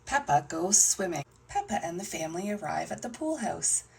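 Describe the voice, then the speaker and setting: A woman reading a children's picture book aloud and narrating toy play, in a soft, hushed voice with playful voices for the characters. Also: fairly low pitch, lively intonation, normal speed, vocal fry, distant mic. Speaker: storyteller playing with toys.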